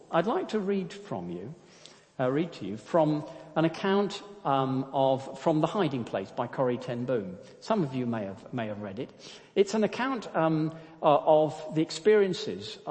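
A man's voice: fairly high pitch, darkish tone, long reverb tail. A man preaching a sermon, hesitant with many fillers, then reading a story aloud.

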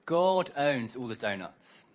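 A man's voice: mid-range voice, big pitch swings, slow pace. A man preaching a harvest sermon, telling a story and acting out the characters' lines.

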